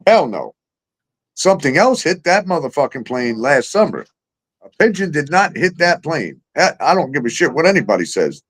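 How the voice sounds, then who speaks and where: Middle-aged male host, profane sarcastic ranter, slightly high voice. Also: very animated, moderate pace, husky. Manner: profane, incredulous, sarcastic ranting. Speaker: talk show host. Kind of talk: ranting conspiracy talk.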